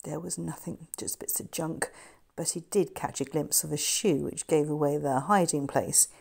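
A middle-aged woman, an author, narrating her novel in a measured, steady storytelling manner. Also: low-pitched, creaky, husky. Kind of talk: scripted narration.

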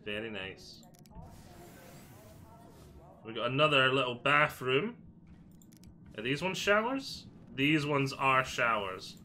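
A Scottish gaming video creator talks through a video game in a chatty, jokey way, thinking aloud as he plays. His mid-range voice is animated and sharp in tone, yet he speaks slowly and pauses often.

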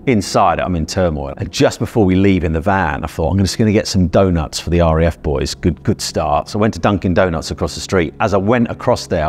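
British man, very low voice, middle-aged, earnest storyteller, faint music underneath. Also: a little mellow. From Britain. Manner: earnest and vivid, acts out his own past thoughts. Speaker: guest telling his story. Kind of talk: personal storytelling interview.

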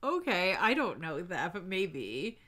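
A woman's voice: fairly low pitch, big pitch swings, slow pace, crowd noise. A woman co-hosting a podcast in casual chat, laughing often and filling her talk with "like.". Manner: chatty, giggly, lots of "like". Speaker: podcast co-host.

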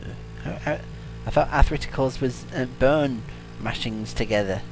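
A man hosting a comedic let's-play, excitable, silly and teasing as he talks over the game. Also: mid-range voice, moderate pace, over music. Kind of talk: comedic gaming commentary.

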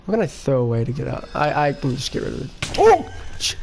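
A man giving casual gameplay commentary with excitable, cursing outbursts. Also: mid-range voice, vocal fry, a little hiss or hum. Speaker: gaming video creator.

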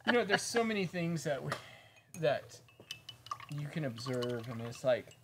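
Relaxed man talking through a painting. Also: on the high side, measured pace, background noise. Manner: relaxed, chatty, thinks aloud while working. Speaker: painting instructor, co-host. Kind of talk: casual step-by-step painting tutorial.

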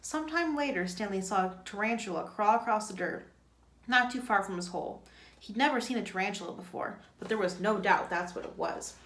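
A teacher reading a novel aloud in a plain way, now and then stumbling and correcting herself. Her voice is at a middle pitch and echoes around the room. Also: brisk, a bit bright.

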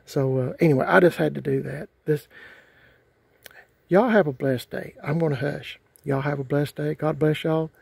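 A man's voice: a little high, moderate pace, gravelly, a little mellow, breathy edge, dry recording. A middle-aged man, ranting casually to his vlog audience, rambling and repeating himself in a folksy way. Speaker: vlogger. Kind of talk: casual rant to camera.

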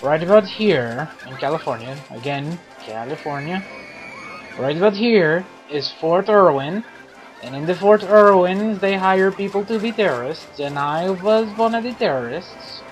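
A man's voice: high-pitched, unhurried, music in the background, low-quality recording. A man putting on the voice of a cheerful foreign reporter who speaks broken English, during game commentary. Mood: boastful.

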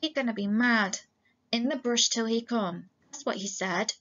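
A woman's voice: fairly high pitch, moderate pace, a bit bright, natural voice. A woman reading as a frightened, childlike big man. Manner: childlike, repeats himself. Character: big simple-minded man, frightened and pleading. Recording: dull lo-fi recording.

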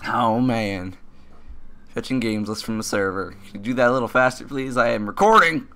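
A man's voice: medium pitch, moderate pace, sharp tone. A young man giving casual, joking commentary while playing a survival game at his computer, swearing freely and bursting into laughter. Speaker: gaming commentator. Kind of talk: casual let's-play commentary.

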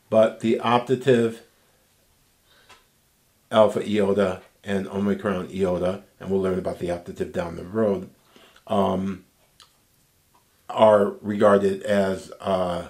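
A man teaching a recorded Greek grammar lesson, explaining slowly and patiently and checking in with "okay?". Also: deep voice, little pitch movement, darkish tone. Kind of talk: recorded language lecture.

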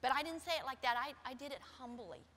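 A middle-aged woman pastor preaching a sermon with personal stories in a church, shifting from soft, quiet passages to loud, emphatic ones. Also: high-pitched, quick pace. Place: church sanctuary. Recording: long hall reverb.

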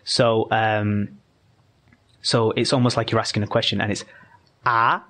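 A man's voice: lowish voice, level tone, moderate pace, a bit bright. A man, a podcast guest, explaining patiently in a casual conversation, often restarting his sentences.

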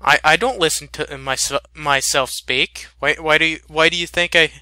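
A man's voice: fairly high pitch, fairly even intonation, normal speed, bright, forceful tone, clean tone, dry recording, clean studio sound. A man playing a game with a friend in casual chat, stammering and giggling often. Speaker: gamer.

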